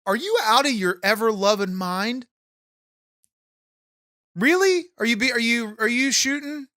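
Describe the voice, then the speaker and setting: A man's voice: very high voice, lively intonation, a little slow, sharp tone, dry recording, studio quality. A man co-hosting a comedy podcast, ranting in exasperation and swearing constantly. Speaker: podcast co-host. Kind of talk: comedic banter.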